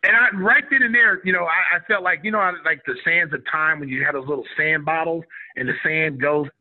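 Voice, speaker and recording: A man's voice: a little high, brisk. A middle-aged man from Oklahoma telling a story in a casual interview, acting out what people said in a raised voice. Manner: animated storyteller who acts out quotes in a raised voice. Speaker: guest, former basketball player. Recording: tinny phone-like line.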